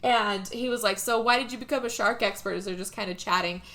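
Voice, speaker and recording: A woman's voice: mid-range voice, fast talker, a crowd in the background. A woman hosting a podcast, casually recapping a movie, laughing often and swearing freely. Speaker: podcast host.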